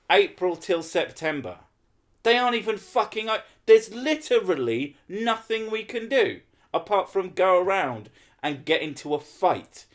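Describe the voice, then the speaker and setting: Sweary man ranting casually. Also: a little high. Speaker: podcast host. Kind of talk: casual chat.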